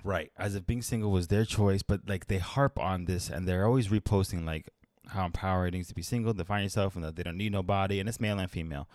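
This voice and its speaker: A man's voice: low-pitched, fast, a little mellow, no room sound, studio quality. An American man in casual podcast chat, swearing freely and laughing while he rants. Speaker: podcast co-host.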